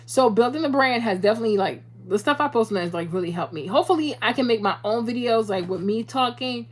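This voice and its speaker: Animated profane woman vlogging. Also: on the high side, fast talker, hardly any pauses. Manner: animated, profane, preachy, talks straight to viewers. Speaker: YouTuber. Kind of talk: casual monologue to viewers.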